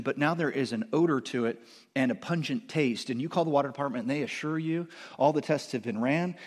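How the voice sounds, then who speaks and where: A middle-aged man preaching a sermon as pastor, animated, growing loud on quoted lines and stumbling into quick restarts. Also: mid-range voice.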